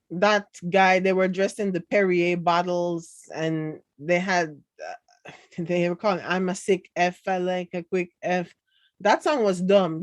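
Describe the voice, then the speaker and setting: A woman's voice: lowish voice, dry recording. A Jamaican woman with a light accent, casually chatting and reading viewer comments in a sarcastic, laughing way. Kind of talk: casual chat.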